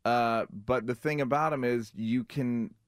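A man's voice: mid-range voice, measured pace, clean tone, no echo, studio quality. A man guest on a radio talk show, telling stories with lots of fillers and acting out quotes. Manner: animated storyteller, fillers, acts out quotes. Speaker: comedian guest. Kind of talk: casual radio chat.

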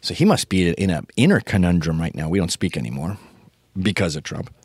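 A man's voice: deep voice, very animated, fairly quick, darkish tone, breathy edge, no room sound, studio quality. A man in his fifties ranting in a casual comedy monologue, profane and opinionated. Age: 50s.

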